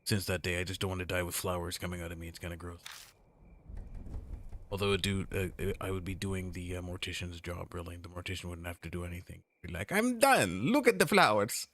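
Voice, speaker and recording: A man's voice: low voice, monotone, quick pace, a bit bright. A man streaming a horror visual novel, reading it aloud with playful joking asides. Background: game music.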